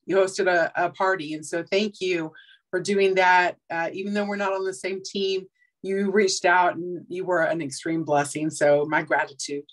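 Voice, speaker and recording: A woman's voice: lowish voice, poor audio. A woman guest on a casual team video call with a polished, radio-actress type voice, speaking in an effusive, gracious way.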